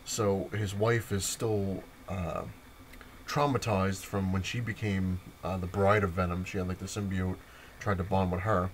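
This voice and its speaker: A young man with a low voice talks through comics in a loose, rambling vlog. He leans on fillers and chuckles as he goes. A faint room hum sits behind him. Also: flat delivery, unhurried. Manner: rambling, filler-heavy retelling with laughs. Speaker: comic book vlogger. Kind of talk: casual comic review vlog.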